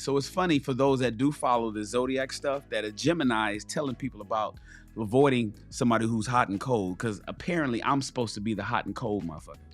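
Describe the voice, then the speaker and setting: A man's voice: medium pitch, fairly bright tone. A man hosting a talk show, giving blunt, profane dating advice to other men and repeating key phrases for stress.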